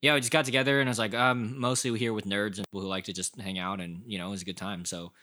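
A man with a low, bright voice chats easily as a podcast co-host. He rambles along in a relaxed way, dropping fillers as he goes. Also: very fast. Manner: relaxed, chatty, lots of fillers. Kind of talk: casual chat.

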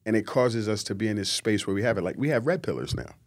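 A man, a guest on a podcast, talking in a lively, preachy way and mimicking people he quotes. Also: on the low side, fast. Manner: animated, preachy, acts out quotes in mocking voices. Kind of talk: casual podcast conversation.

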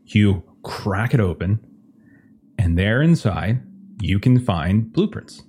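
A man narrating as game master of a tabletop horror game, describing scenes and calling for rolls in a relaxed way. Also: lowish voice, takes it slowly, a little hiss or hum.

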